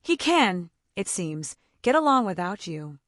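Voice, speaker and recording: A bold, sharp-tongued young woman, as an audiobook narrator puts her on, throwing out tart retorts in a lively, raised voice. The delivery is dry and close, with no room around it. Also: medium pitch, unhurried, dry recording. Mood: defiant.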